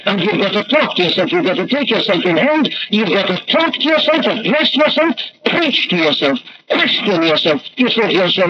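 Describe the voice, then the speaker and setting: A man's voice: high voice, lively intonation, moderate pace. A man preaching a sermon in an emphatic, rhetorical way, his voice swelling and dropping. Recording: dull lo-fi archival recording with faint noise.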